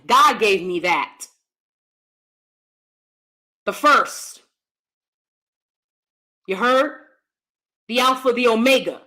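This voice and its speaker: A woman, chatting casually and animatedly with her viewers while laughing often, swinging between loud bursts and soft asides. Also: sits high. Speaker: channel host. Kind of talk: casual live-stream chat.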